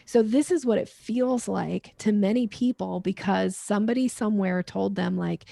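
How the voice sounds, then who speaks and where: Gravelly-voiced woman teaching sales steps. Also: medium pitch, moderate pace, hardly any pauses, dark tone, no echo. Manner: explanatory teaching tone, laughs while making points. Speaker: sales trainer guest. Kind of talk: podcast interview.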